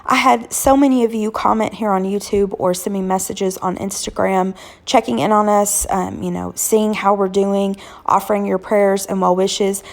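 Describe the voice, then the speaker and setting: A woman in her thirties or forties, a cooking channel host, hoarse from illness, chatting casually with lots of ums as she walks through weeknight dinners. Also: mid-range voice, fairly even intonation, normal speed. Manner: chatty, homey, frequent "um" fillers. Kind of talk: casual cooking vlog narration.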